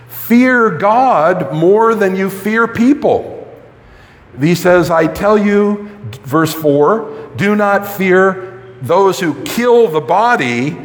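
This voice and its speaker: A man delivers a sermon slowly and emphatically, restarting sentences on repeated words. His voice sits high and rises and falls a lot. The reverb of a church hall trails after each phrase. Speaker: preacher.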